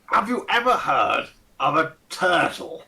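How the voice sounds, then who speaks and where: A man performing a pompous fat old nobleman with a monocle. He is bright-toned and fussy, stammering apologies and bursting into oaths. He pitches his voice up now and then. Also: very animated, a little slow, creaky, distant mic, slight background noise, exaggerated voice. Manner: flustered, fussy and apologetic, sudden swearing.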